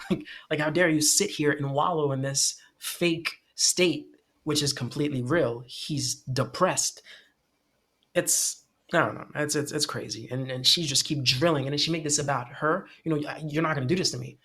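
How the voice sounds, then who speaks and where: A man co-hosting a casual podcast about poetry who talks in an animated way, laughs often, swears and uses lots of fillers. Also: on the high side, moderate pace. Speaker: podcast co-host.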